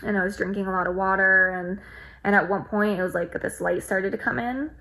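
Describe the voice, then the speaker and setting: A woman's voice: medium pitch, fairly even intonation, brisk, sharp tone, rough recording. A woman vlogger sharing a personal experience in a reflective, heartfelt way, with lots of "like" fillers. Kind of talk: personal storytelling to camera.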